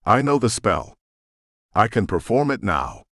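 A man's voice: fairly low pitch, big pitch swings, a little slow, dry recording, clean studio sound. A man reading the lines of an earnest young witch woman in an audiobook, in a pleading, breathless way. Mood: urgent.

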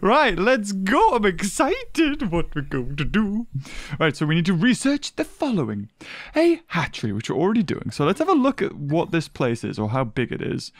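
A young man giving chatty, excitable gameplay commentary and thinking aloud as he plays. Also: high voice, moderate pace, a little hiss or hum. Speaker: gaming video host.

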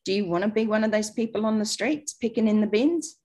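A middle-aged Australian woman with an Australian accent, hosting a webinar and giving a blunt, emphatic sales pitch over a video call. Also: fairly quick, warm tone. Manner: blunt, emphatic, talks straight to listeners. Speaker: webinar host.

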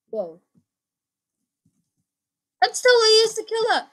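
This high-pitched woman runs her own gaming channel and offers excitable let's play commentary. She takes it slowly with frequent pauses, yet still repeats phrases and lets out sudden yelps.

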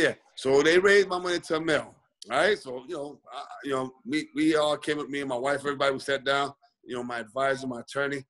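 The audio is poor as a man of medium pitch and fairly bright tone tells a long story as a boxing guest on a video call. He rambles, leaning heavily on "you know" fillers.

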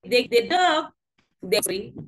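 Lively woman teaching English. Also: fairly high pitch. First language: Spanish. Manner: slow, patient explaining with lively emphasis. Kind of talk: online grammar lesson. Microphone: video call.

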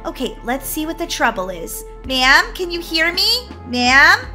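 A woman voicing a paramedic in a Roblox roleplay story, brisk and reassuring. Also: sits high, big pitch swings, pushed and bright, faint music behind, heavily acted. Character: brisk kindly female paramedic.

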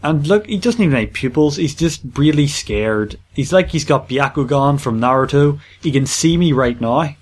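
A man giving casual gameplay commentary as a gaming channel host, playful and jokey with excitable rambling. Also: fairly high pitch, moderate pace, few pauses.

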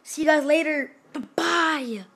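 A high-pitched woman narrates her own gameplay in a hyper, gushing rush. She repeats her exclamations over and over and jumps from loud cheering to low mumbled asides. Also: measured pace. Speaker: gaming channel host. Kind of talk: excited gameplay commentary.

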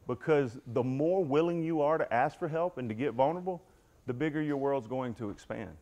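Warm in tone and fairly quick, his mid-range voice carries a candid recovery talk. The middle-aged motivational speaker recounts his story to a football team while addressing the room head-on.

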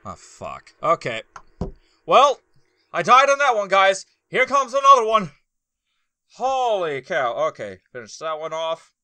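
A man hosting a gaming video, talking casually as he plays, loud and excitable, exclaiming and groaning often. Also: sits high, unhurried, dry recording. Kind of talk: casual gameplay commentary.

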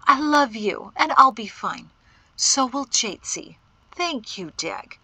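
A woman reading as Mari, a brisk older mother-in-law. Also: on the high side, sing-song, sharp tone, husky, no room sound, heavily acted. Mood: tender. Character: spirited older mother-in-law, blunt and teasing.

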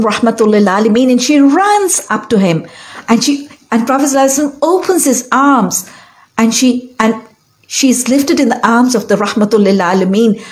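A woman's voice: medium pitch, darkish tone. A woman teaching a religious lecture, telling stories in an emotive way with repeated phrases and rising emphasis. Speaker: Islamic teacher.

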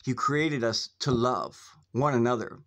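A man speaking in a middle-pitched voice, preaching urgently on his own video and leaning on "guys" and "okay". He repeats himself and rises loud and high when he gets heated. He comes across as an American vlogger. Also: fairly even intonation, measured pace. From United States. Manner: urgent, repetitive, often saying "guys" and "okay". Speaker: video host. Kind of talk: preachy casual vlog talk. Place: outdoors in northwest Ohio.

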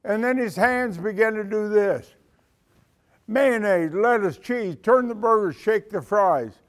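Older man, retired military leader, lively storytelling speech, fairly high voice, acts out dialogue. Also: measured pace. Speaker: retired senior enlisted leader giving a talk.

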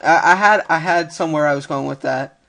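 A young man giving casual let's-play commentary, excitable, often yelping and muttering "oh dear" as he plays. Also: a little high, fairly quick, vocal fry, background noise. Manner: excitable, frequent yelps and "oh dear". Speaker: gaming video host. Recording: keyboard clicks and typing behind.

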